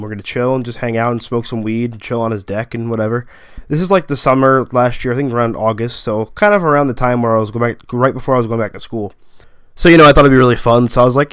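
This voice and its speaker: A young man tells a long rambling story, full of fillers and asides. His voice is smooth and clear, recorded close and dry with no room sound. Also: mid-range voice, no echo. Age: young adult. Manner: rambling, lots of fillers and 'like'; quotes friends in quick bursts. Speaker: vlogger. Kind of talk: casual storytelling.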